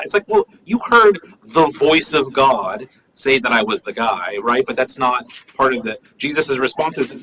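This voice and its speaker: A man's voice: medium pitch, lively intonation, normal speed, few pauses, sharp tone, slight background noise, rough recording. A man teaching a class on a Bible passage, talking conversationally and checking in with "right?" as he goes. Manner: conversational, many fillers and "right?" asides. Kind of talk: classroom lecture on scripture.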